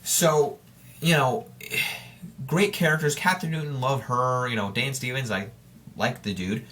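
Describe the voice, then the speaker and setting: A man talks directly to listeners on his solo podcast, chatty and informal, wandering off topic and often restarting or correcting himself. His voice is medium-pitched and fairly bright, and he takes his time. There's a little hiss or hum in the background.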